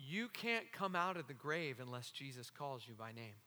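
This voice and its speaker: A male pastor preaching an impassioned sermon, swinging from loud cries down to hushed, intense lines and acting out the voices he quotes. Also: medium pitch, big pitch swings, moderate pace, long reverb tail.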